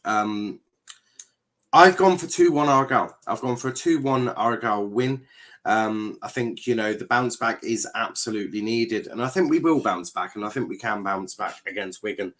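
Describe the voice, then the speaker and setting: Male football-show host, lowish voice, casual and rambling, heavy on fillers. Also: moderate pace, fairly bright tone. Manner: rambling, reads viewer comments aloud; hesitant, lots of fillers and restarts. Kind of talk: casual live-stream chat.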